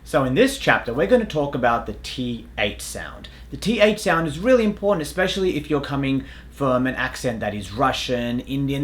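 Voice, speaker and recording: A man teaching pronunciation as an accent coach, demonstrating sounds slowly and clearly with repeated word pairs. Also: medium pitch, a little hiss or hum. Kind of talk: pronunciation lesson.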